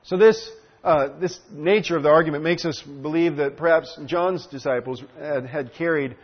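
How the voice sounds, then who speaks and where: A man teaching through a Bible passage in an earnest, explanatory way, often pausing with fillers and restarting his sentences. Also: on the high side, slightly rough. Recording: dull lo-fi recording.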